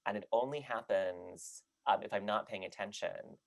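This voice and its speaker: A man with a very low voice, recorded dry and close. He chats loosely with fillers and restarts, then reads a poem aloud at a steady, measured pace. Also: creaky, no echo. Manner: chatty, many fillers and restarts in talk, measured when reading. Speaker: podcast panelist reading a poem aloud. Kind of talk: casual chat and poetry reading.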